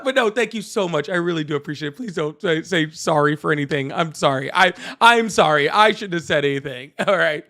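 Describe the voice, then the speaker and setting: A man hosting a live call-in political stream, animated, laughing often and thanking viewers. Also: on the high side, a little fast, hardly any pauses. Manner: apologetic, excitable. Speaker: livestream host.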